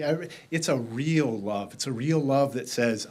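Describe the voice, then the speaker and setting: A man preaching a sermon in a church, slow and measured, leading the congregation in call-and-response. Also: medium pitch. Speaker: minister. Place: church sanctuary.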